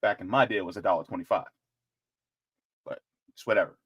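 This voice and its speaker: A man's voice: deep voice, a little fast, breathy edge. A man hosting casual political commentary, joking and talking straight to his viewers. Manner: joking, animated, talks to viewers directly.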